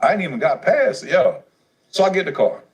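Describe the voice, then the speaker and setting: A man telling his life story on a casual livestream, profane and streetwise, animated as he goes. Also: high-pitched, a little fast, poor audio.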